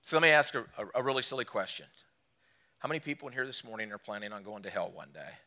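A man preaching a sermon to a church congregation, asking them direct questions and swinging between loud emphatic lines and quiet low drops. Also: expressive, quick pace. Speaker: guest preacher. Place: church service.

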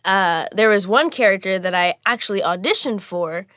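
A woman's voice: lively intonation, moderate pace, a bit bright, no echo, studio quality. A woman voice actress in casual chat, bubbly, laughing often and acting out quotes. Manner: bubbly, laughs often, quotes people with big pitch swings.

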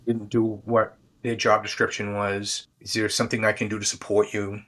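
A man's voice: on the low side, little pitch movement, moderate pace, fairly bright tone. Man, interview guest, coaching tone, explanatory, filler words, restarts. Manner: explanatory, with many repeats and fillers. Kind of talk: conversational interview.

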